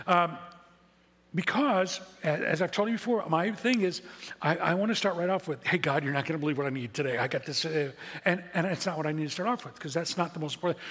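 A man's voice: on the high side, fairly bright tone, slightly rough. A man preaching a sermon as a pastor, talking in a conversational, self-deprecating way and repeating key words for emphasis. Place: church sanctuary. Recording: echoey hall with long reverb.

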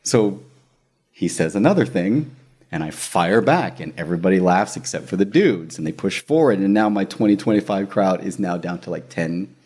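A man telling a story in casual chat, animated, laughing often and acting out the voices of the people in it. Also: sits low, moderate pace, slightly rough.

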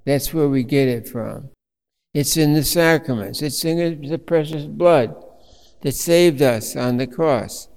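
A man preaching a sermon as a priest, telling a story slowly with fillers and restarts. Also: a little high, a little mellow, big-room sound.

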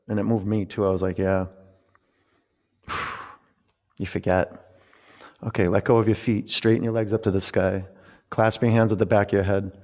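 A young man leading a yoga class, giving calm cues and counting reps aloud. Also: lowish voice. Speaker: yoga instructor.

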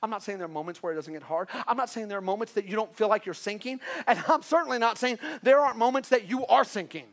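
A man preaching a sermon in a conversational way, with joking asides and swings from quiet to loud. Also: high-pitched, fast, hardly any pauses. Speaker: pastor.

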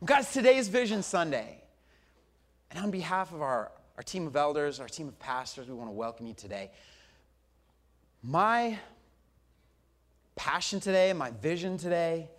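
A man in his forties preaching a sermon as a pastor, telling a story with animated swings from loud to hushed. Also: on the high side.

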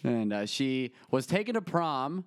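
Comedian guy riffing on a podcast, crude jokes, laughs a lot, normal middle pitch. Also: big pitch swings, a little slow, no room sound. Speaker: podcast co-host. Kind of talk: casual comedic chat.

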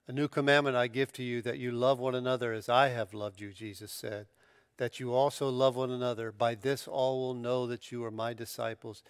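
A man preaching a sermon as a pastor, emphatic and animated, often stumbling over restarts as he builds to a point. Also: mid-range voice, smooth, no room sound, clean studio sound.

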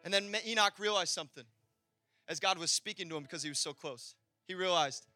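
High bright-voiced preaching man. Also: fast talker, no echo, faint music behind. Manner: passionate, swings between loud and quiet. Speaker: pastor. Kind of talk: sermon. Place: church hall.

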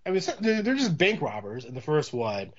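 Casting note: man co-hosting a movie chat, voice a bit high, rambling, lo-fi dull audio. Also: wildly swooping pitch, a little fast. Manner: rambling, many restarts and fillers. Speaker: podcast co-host. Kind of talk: casual movie discussion.

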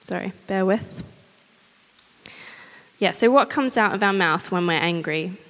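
A woman preaching a sermon, candid and personal, with gentle humor. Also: medium pitch, unhurried. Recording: long hall reverb.

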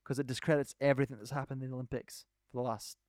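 A man in casual podcast chat, eagerly recounting a story and wandering through the details. His voice is smooth and resonant, recorded dry and close with no room sound, at an ordinary middle pitch. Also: fairly even intonation, racing, darkish tone, no echo. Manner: enthusiastic storyteller, rambling. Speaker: podcast co-host. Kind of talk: casual chat, retelling a documentary.

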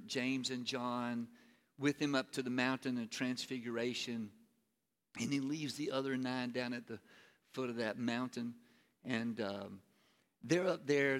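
A man's voice: medium pitch, fairly bright tone. A male pastor preaching a sermon in an earnest manner, asking the listeners rhetorical questions. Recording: long reverb of a large hall.

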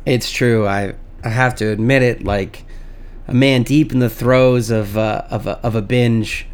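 A man's voice: mid-range voice, steady tone, measured pace, clear, resonant tone. A young man co-hosting a casual comedy podcast, joking, swearing and exaggerating for laughs. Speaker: podcast co-host.

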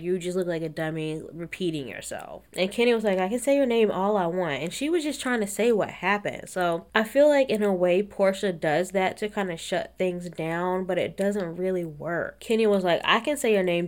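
Chatty woman recapping reality TV gossip. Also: lowish voice. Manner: chatty, opinionated, quotes the cast in snippy bits, laughs often.

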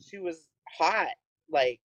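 A woman's voice: low-pitched, lively intonation, slow, no echo. A young woman co-hosting a podcast, teasing her friend and laughing in casual chat. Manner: teasing, laughs while talking. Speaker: podcast co-host. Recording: dry, dull lo-fi sound.

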